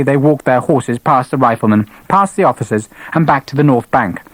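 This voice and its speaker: Man narrating in a lively, dry voice. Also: mid-range voice, no echo, poor audio. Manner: expressive storytelling. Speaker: audiobook narrator. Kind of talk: scripted narration.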